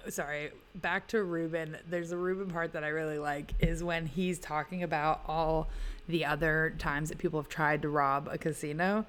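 A woman's voice: deep voice, steady tone, moderate pace, fairly bright tone, a little hiss or hum. A young woman co-hosting a casual movie podcast, giggly and loose, swearing freely. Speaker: podcast co-host.

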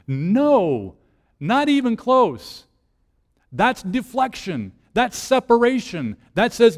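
A lead minister giving a conversational sermon, asking rhetorical questions and swinging between soft, hushed lines and emphatic ones. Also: male voice, on the high side, big pitch swings, measured pace, in a large hall.

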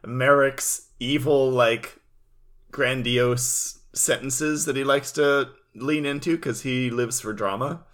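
Man, mid-pitched voice, wry dry remarks, casual recap chat. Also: steady tone, slow pace, fairly bright tone. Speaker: podcast co-host.

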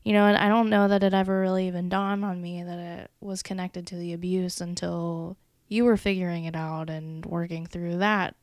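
A woman speaking candidly in conversation, measured and thoughtful, with occasional fillers. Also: lowish voice, flat delivery, a little mellow, no echo. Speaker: co-host, the speaker's wife.

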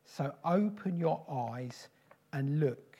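Mellow-voiced man preaching solemnly. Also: on the high side, lively intonation. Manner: slow, solemn, repetitive declarations. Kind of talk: prophetic sermon.

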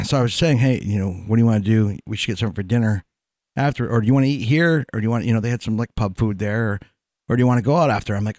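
A man from Vermont telling a profane, animated story in casual podcast chat. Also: on the low side, dry recording, studio quality.

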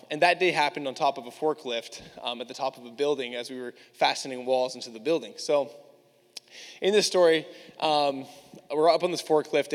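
A male preacher telling a personal story to his church in a candid, casual way, full of "like". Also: medium pitch. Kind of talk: storytelling sermon. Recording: long reverb of a large hall.

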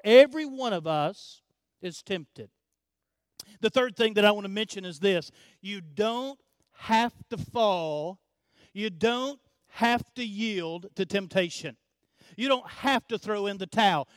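Slow, high-voiced preaching man. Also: a bit bright, dry recording. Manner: emphatic and repetitive, addressing the congregation directly. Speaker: pastor. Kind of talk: sermon.

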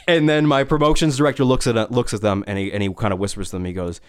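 A man's voice: mid-range voice, steady tone, fairly quick. A man telling a long comic story from his radio days in casual podcast chat, rambling with asides and swearing.

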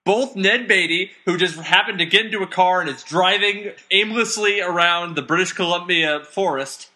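A man's voice: sits high, normal speed, pushed and bright. A man co-hosting a casual film review podcast, recapping scenes in a wry, methodical way. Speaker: podcast co-host. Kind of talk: casual movie review chat.

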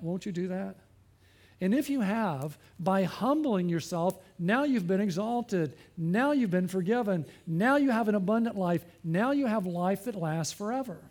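A man's voice: high voice, darkish tone. A male pastor preaching a sermon, earnest, asking questions and repeating phrases for emphasis.

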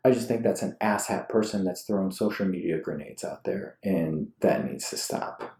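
Male co-host, thirties, animated ranter, mellow tone, roomy home recording. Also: low-pitched, moderate pace. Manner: animated, ranting, gets worked up. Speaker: podcast co-host. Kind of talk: casual chat with spouse. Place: room at home.

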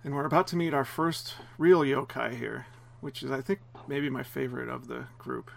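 A man's voice: medium pitch, steady tone, moderate pace, gravelly. A man casually commenting on a film as it plays, explaining scenes and chuckling often. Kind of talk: casual watch-along commentary.

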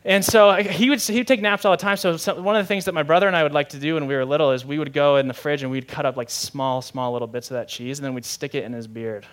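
A man's voice: on the high side, steady tone, fast talker, hardly any pauses, fairly bright tone. A young adult man, a pastor preaching a sermon in a conversational, candid way with self-deprecating humor.

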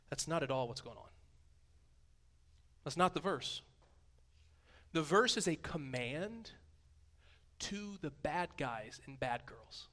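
A man in his thirties giving a sermon, conversational and playful, swinging from a hushed voice to booming emphasis. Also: animated, slow, pauses often. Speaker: pastor.

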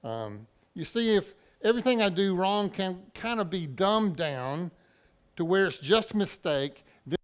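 In church, a pastor delivers a sermon to his congregation in a plain, conversational manner, using everyday examples. His high voice is animated and smooth, and his pace is unhurried.

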